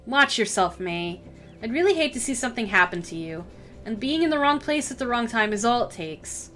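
A woman's voice: fairly high pitch, very animated, a little fast, a bit bright, faint music behind. A woman voicing a stern, guarded small-town cop who speaks in ominous warnings.

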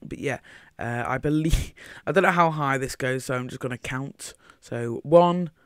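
A man's voice: mid-range voice, normal speed, fairly bright tone, clean tone, no room sound, clean studio sound. A man giving casual commentary over his own game footage, rambling and thinking aloud as he goes.

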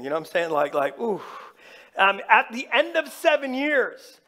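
A pastor giving an animated, informal sermon, talking straight to his congregation. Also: fairly high pitch, normal speed. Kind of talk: conversational sermon.

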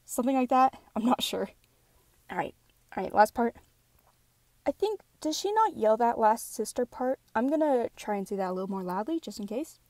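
A woman's voice: on the high side, big pitch swings, moderate pace, a little mellow, no echo. A woman chatting casually between takes as a fan voice actor, apologetic and self-deprecating, rambling as she goes. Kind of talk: casual recording-session chatter.

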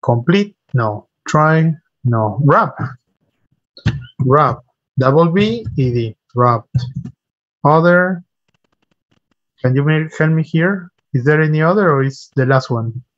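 Slow, patient male teacher. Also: a little high, animated, highs cut off. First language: Spanish. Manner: patient, repeats and spells out words for students. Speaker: English teacher. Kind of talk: online class lecture. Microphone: computer mic on a video call.

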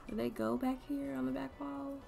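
A young woman streaming a game, chatting casually to her viewers and swearing freely as she thinks out loud. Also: sits high, steady tone, normal speed, creaky, faint music behind. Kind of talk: casual gameplay commentary.

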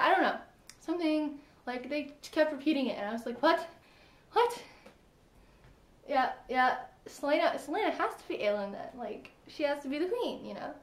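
Chatty excitable young-sounding woman. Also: on the high side, reverberant. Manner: chatty and excitable, lots of "like" and "I was like". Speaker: book vlogger. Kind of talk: casual book discussion vlog.

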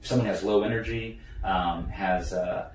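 A man's voice: deep voice, steady tone, normal speed. Rambling man in an echoey room. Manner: rambling, many fillers and restarts. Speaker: guest. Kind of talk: casual conversation. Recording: echoey room, mic at a distance, faint background noise.

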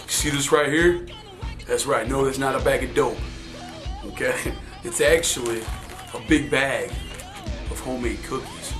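Goofy middle-aged male vlogger, casual and playful, eats as he talks, music playing clearly behind. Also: medium pitch. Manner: goofy, playful, talks with his mouth full. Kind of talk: casual home vlog. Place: home computer room.

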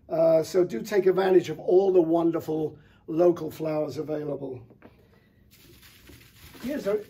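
A middle-aged man presenting flowers in an enthusiastic, relaxed showcase talk, with frequent fillers. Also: sits high, breathy edge. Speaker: florist presenter.

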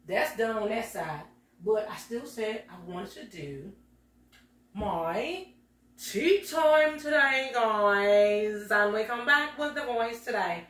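A middle-aged woman vlogging from her home kitchen, chatting in a folksy way and talking straight to her viewers. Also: medium pitch. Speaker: lifestyle vlogger. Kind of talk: casual chat to viewers. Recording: echoey room, voice from a distance.

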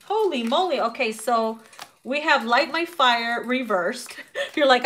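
A woman's voice, a little high and at a measured pace, carries a casual tarot reading. The reader is brash and profane, laughs a lot, and animatedly acts out quoted reactions, while her voice is fading and getting worn.

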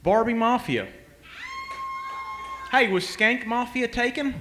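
A guest fighter at a comedy roast speaks slowly in a very high voice, with a noisy background. Holding a handheld mic on a comedy club stage in front of a live crowd, he is rowdy, boastful and crude, cursing nonstop in improvised, profane banter.

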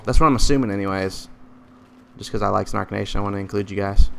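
A young man giving excitable gameplay commentary, trash-talking teammates and swinging between loud outbursts and mutters. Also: on the low side, quick pace, creaky. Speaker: gaming YouTuber.

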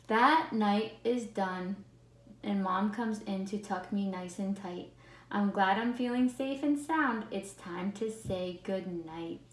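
A woman teacher reading a picture book aloud to children in a classroom, talking slowly and expressively and stopping to ask the kids questions. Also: medium pitch, a little hiss or hum. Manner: slow, expressive, chats with the listening kids. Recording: roomy echo.

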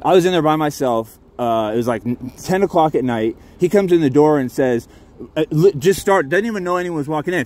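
A man's voice: on the high side, animated, fairly quick. A man talking from inside his parked truck into a handheld phone, telling a heated, rambling story and swearing often. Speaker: vlogger filming a confrontation. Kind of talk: agitated first-person recounting.

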